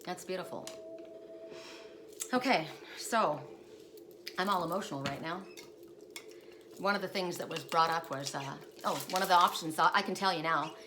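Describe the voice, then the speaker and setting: Lowish-voiced lady chatting through a card reading, rambly, noisy room. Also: moderate pace, pauses often. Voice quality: rambling, chatty, with frequent restarts. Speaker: oracle card reader. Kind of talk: casual spiritual card reading. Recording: noisy home recording.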